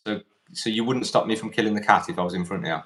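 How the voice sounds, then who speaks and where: Guy hosting a debate, lowish voice, keeps pushing questions and restarting. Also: very fast, a bit bright. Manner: probing, repetitive questioning with restarts. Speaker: debate host. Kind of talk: online debate.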